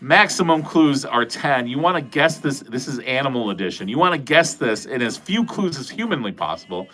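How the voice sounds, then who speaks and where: A man's voice: mid-range voice, big pitch swings, a little fast, a bit bright. A middle-aged man hosting a casual livestream, rambling, joking and swearing as he talks to his chat. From New England. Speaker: livestream host. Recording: faint music behind.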